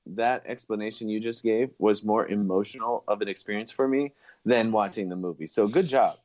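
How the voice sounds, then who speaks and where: A man's voice: on the low side, a little fast, a little mellow. A man co-hosting a casual movie review podcast, dropping wry, teasing remarks. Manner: wry, teasing one-liners. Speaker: podcast co-host. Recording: dull lo-fi podcast audio.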